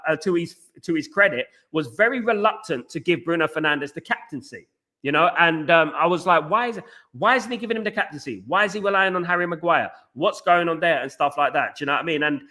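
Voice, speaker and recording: A young man hosting a live chat show, talking fast with lots of fillers and repeats, reading out viewer comments. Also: on the high side. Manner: rapid, animated, repeats himself, lots of fillers. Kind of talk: casual live-stream chat.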